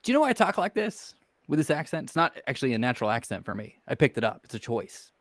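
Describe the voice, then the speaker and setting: A man playing a calm, menacing undead hero. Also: mid-range voice, no echo, lightly acted. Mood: earnest. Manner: measured, persuasive, quietly menacing. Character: adult male undead hero with a put-on accent, calm and persuasive. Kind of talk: in-character role-play.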